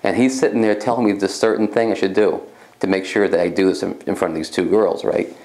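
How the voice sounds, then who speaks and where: Low gravelly man telling a story. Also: steady tone, fast, a little mellow. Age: young adult. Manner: casual, rambling, repeats himself. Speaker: psychic medium. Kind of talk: personal storytelling.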